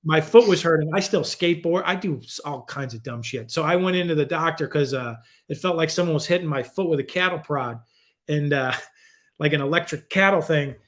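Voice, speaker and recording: Man, 40s, podcast guest, casual, animated, cursing, acts out quotes. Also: a little fast. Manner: animated, profane, acts out quoted voices with big pitch jumps.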